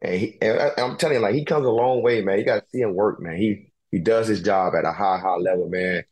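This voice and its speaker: Slangy, animated man chatting about football. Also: lowish voice, quick pace. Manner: animated, slangy and profane, repeats phrases for emphasis; laughs often. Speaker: podcast host and pro football player. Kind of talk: casual recap chat.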